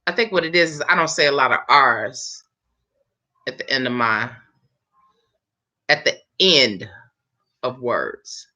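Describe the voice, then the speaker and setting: Animated and a little slow, with long pauses, a woman speaks in a bass voice with a sharp tone. She's a hairstylist hosting a casual live chat, talking straight to viewers in a chatty, laughing way, and the stream audio is dull and lo-fi.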